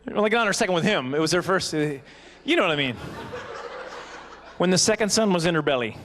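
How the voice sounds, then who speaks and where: A man's voice: high voice, expressive, a little fast, a bit bright, a little hiss or hum. A man doing self-deprecating, rambling stand-up comedy at a live banquet.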